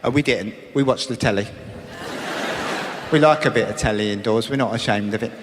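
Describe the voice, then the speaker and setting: A middle-aged man doing a cheeky, wry stand-up routine, now and then bursting into shouted impressions. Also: fairly low pitch, a little fast, noisy background. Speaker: stand-up comedian. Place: large comedy venue with live audience. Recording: echoey hall with audience laughter.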